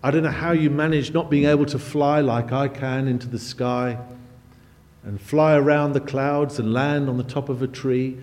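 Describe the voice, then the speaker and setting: A man's voice: medium pitch, steady tone, moderate pace, a little mellow, lightly acted. A man voicing a boastful bird in a spoken parable, with a pitying, wondering tone. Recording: long hall reverb.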